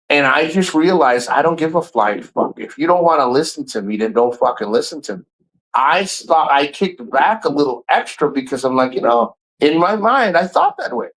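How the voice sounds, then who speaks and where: A man's voice: fairly high pitch, lively intonation, normal speed, a bit bright, rough recording. A man in his fifties chatting casually on a live stream, rambling and swearing freely, often repeating words and restarting sentences. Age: 50s.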